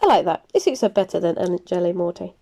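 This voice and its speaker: A woman's voice: on the low side, expressive, a little fast, creaky, mellow. A woman voicing an amused, sardonic male vampire in an audiobook reading. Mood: approving.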